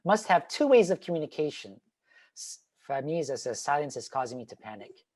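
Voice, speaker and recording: A man giving an online talk on teaching, animated and demonstrative, swinging between loud and quiet. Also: fairly high pitch, brisk. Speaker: teacher trainer. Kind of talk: online presentation. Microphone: video call.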